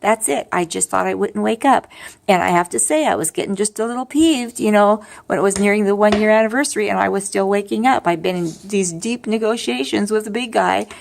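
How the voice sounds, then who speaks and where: Gravelly, tired-sounding woman rambling candidly. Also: medium pitch. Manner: rambling, halting with many restarts and fillers; candid and upfront, with wry humor. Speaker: vlogger sharing her grief story. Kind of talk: casual personal monologue.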